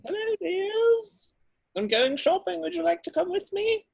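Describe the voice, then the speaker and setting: A woman voicing a sweet, fussing, motherly shopper who talks in a drawn-out sing-song. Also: very high voice, big pitch swings, creaky, darkish tone, no room sound, pitched above the performer's own voice, exaggerated voice.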